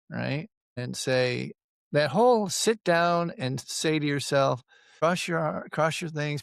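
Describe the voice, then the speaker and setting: A man acting as a recovery counselor, talking through ideas in a measured, reassuring way. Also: a little high, gravelly, no room sound, studio quality. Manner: measured, reassuring, thinking aloud. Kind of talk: conversational coaching.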